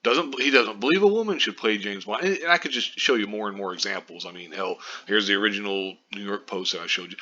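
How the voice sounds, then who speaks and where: A man's voice: on the low side, lively intonation, quick pace, hardly any pauses, pushed and bright, muffled recording. A man ranting in a commentary vlog, exasperated and profane, rambling between asides. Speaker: video commentator.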